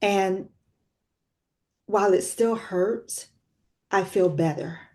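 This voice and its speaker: A woman's voice: medium pitch, takes it slowly, darkish tone. A woman in her sixties, a guest author sharing a personal story in an interview, reflective and earnest. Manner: reflective, earnest, with frequent fillers. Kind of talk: personal testimony in a talk-show interview.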